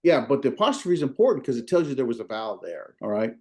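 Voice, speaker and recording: A man's voice: mid-range voice, big pitch swings, quick pace, a little mellow. A man with a Southern US accent teaching a beginner Greek class in a folksy, repetitive way with many fillers. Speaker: Greek instructor. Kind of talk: informal classroom lecture.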